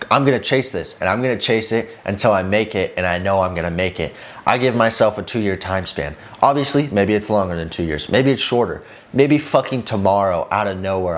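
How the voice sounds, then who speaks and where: A young man vlogging casually, talking with intense drive, swearing often and rambling with lots of fillers. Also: lowish voice. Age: young adult. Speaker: fitness vlogger. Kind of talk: casual motivational talk to camera.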